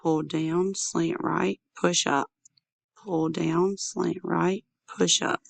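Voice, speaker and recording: A woman teaching a young children's phonics lesson, sounding out letters slowly and repeating handwriting chants. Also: lowish voice, steady tone, gravelly, no echo. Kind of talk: early-years phonics lesson.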